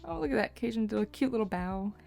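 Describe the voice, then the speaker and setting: A young woman narrates her vlog in a cheerful voice-over, breaking into small laughs. Her voice is strongly creaky and gravelly, and soft guitar music plays faintly behind. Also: fairly high pitch, expressive, fast. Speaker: horse owner, vlogger.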